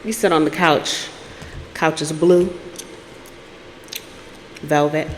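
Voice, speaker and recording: A woman hosting a storytelling podcast who acts out the dialogue in her story and swings between loud bursts and hushed asides. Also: sits low, steady tone, slow pace, long reverb tail, slight background noise. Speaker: podcast host.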